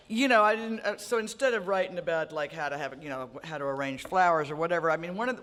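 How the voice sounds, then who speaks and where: Rambling woman in a big hall. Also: low-pitched. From Mississippi Delta. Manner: rambling, self-mocking humor. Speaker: author on a festival panel. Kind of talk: casual onstage storytelling. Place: large hall at a book festival. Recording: reverberant hall, stage mics.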